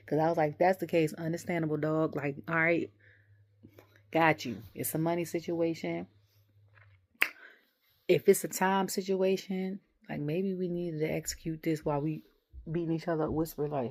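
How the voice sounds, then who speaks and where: A woman's voice: deep voice, fairly even intonation, moderate pace, darkish tone. A young adult woman, rambling animatedly through a casual wrestling review and acting out the voices she quotes.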